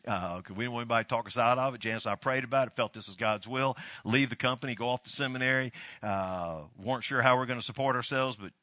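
A man's voice: medium pitch, fast, bright, forceful tone, no echo, studio quality. An older man from Alabama, a pastor giving a folksy, storytelling sermon.

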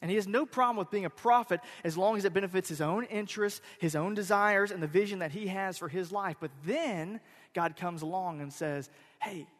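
A male pastor with a fairly high voice delivers a sermon in a church sanctuary, his words trailing into a long reverberant tail. He talks to the congregation casually, punching some words loudly and dropping others to near hush. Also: brisk. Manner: conversational, swings between loud emphasis and quiet asides. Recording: reverberant hall.

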